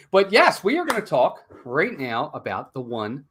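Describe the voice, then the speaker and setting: A man's voice: a little high, husky. A man hosting a casual live-streamed movie review podcast, laughing easily and chatting with his co-host. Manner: lively, laughs easily, reads a rhyming mock ad.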